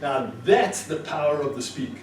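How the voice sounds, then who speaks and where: A man's voice: on the high side, normal speed. A man giving a live motivational presentation to an audience, telling stories animatedly and acting out dialogue, recorded from a distance in an echoey room with faint noise. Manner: animated storyteller, acts out dialogue. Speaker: motivational speaker.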